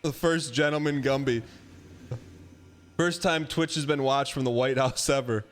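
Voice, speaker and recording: A man in his thirties hosting a livestream, talking in a rambling, animated, mock-defensive way. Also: mid-range voice, measured pace. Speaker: livestream host. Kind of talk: casual chat.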